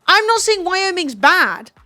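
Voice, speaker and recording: A woman's voice: extremely high pitch, big pitch swings, measured pace, sharp tone, dry recording. A British woman streamer chatting casually, teasing and incredulous, swearing freely. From Britain. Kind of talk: casual chat with a guest. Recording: dry close mic, faint music behind.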